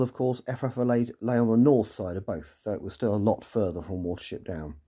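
A man narrates a scripted podcast recap, slipping in dry, sarcastic comments as he goes. His voice sits low and mellow, with a husky edge. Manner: dry, wry and sarcastic asides.

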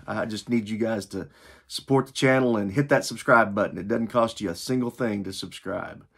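A man's voice: on the low side, moderate pace, creaky, fairly bright tone, slightly rough. A man hosting a music reaction channel, talking casually to camera in a chatty, plain-spoken way with bits of dry sarcasm.

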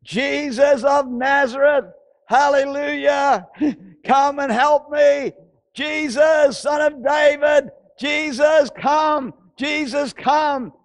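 Man acting a desperate blind beggar shouting. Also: very high voice, fairly even intonation, slow pace, creaky, voice pushed up, exaggerated voice. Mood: pleading. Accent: Australian. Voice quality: shouting, pleading.

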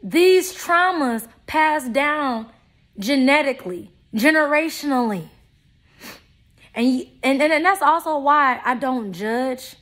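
A young adult woman in an unscripted vlog monologue, talking in a blunt, profane and confrontational way, with loud outbursts and low asides. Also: expressive, slow pace. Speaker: vlogger.

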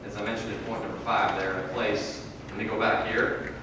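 A man preaching a sermon in a church, swinging from loud emphatic peaks to low, quiet drops. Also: flat delivery, a little fast, noisy background. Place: church hall. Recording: echoey hall from far off.

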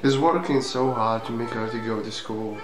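An excitable man talks casually to his viewers, breaking into exclamations and questions. His voice sits at an ordinary middle pitch, and it rings in an echoey room while a song plays clearly behind him. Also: normal speed, over music. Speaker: reaction video host. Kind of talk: casual reaction commentary.

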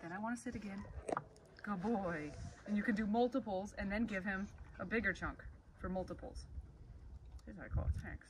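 A woman dog trainer demonstrating a lesson, explaining calmly and praising the dog softly between cues. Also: mid-range voice, moderate pace, pauses often. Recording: distant mic, noisy outdoor background.

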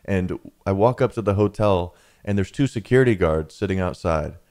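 A man's voice: deep voice, moderate pace, a little mellow. A young man tells a travel story in a casual, rambling way, often saying "man" and "dude". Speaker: vlogger telling a travel story.

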